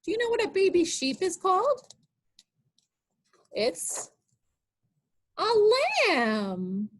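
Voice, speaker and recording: A woman with a high, bright-pitched voice that leaps up and down as she reads picture books to small children. She is a children's librarian at an online storytime, coaxing them with sing-song guessing questions. Her delivery is unhurried. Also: very animated.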